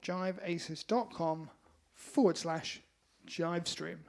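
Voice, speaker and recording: High-pitched man reading out comments. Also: takes it slowly, vocal fry, a little mellow. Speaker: band member reading viewer comments. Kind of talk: casual chat on a livestream.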